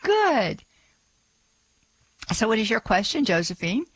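A woman's voice: fairly high pitch, sing-song, takes it slowly, a bit bright, slightly rough. A woman hosting a live call-in radio show, talking in a chatty way with frequent fillers into a studio microphone.

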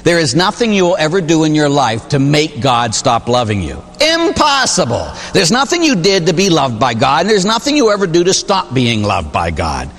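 Lively, emphatic male preacher in an echoing hall. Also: brisk, few pauses. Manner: emphatic, storytelling preacher with sudden pitch jumps. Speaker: Catholic priest. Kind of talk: sermon.

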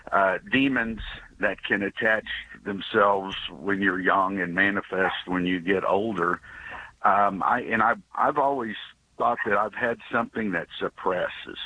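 A man in his sixties calling in to a radio show by phone, telling a story with many halting restarts and fillers. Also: lowish voice, sharp tone, breathy edge, rough recording. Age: 60s. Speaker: radio caller. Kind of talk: call-in storytelling. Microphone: phone call.

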